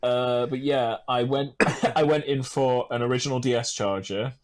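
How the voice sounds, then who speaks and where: A man's voice: mid-range voice, fairly even intonation, moderate pace, a little mellow. A young man from the UK, co-hosting a podcast with joking, teasing banter and frequent laughter. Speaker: podcast co-host. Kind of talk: casual chat.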